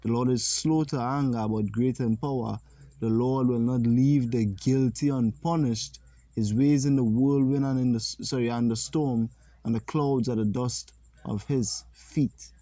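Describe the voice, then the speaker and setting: A man teaching a religious lesson, reading scripture slowly and deliberately and pausing to comment. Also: mid-range voice, steady tone, dark tone, no room sound.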